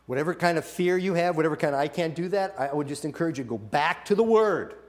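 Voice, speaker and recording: Pastor, male, slightly high voice, animated sermon delivery with acted-out quotes and restarts. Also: fast talker.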